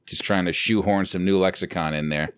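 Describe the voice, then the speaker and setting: A man's voice: low-pitched, steady tone, brisk, a bit bright, smooth, no room sound, clean studio sound. A man co-hosting a podcast, wry and casual, also reading the show's plugs. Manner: wry, reads show plugs. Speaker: podcast co-host. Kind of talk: casual chat.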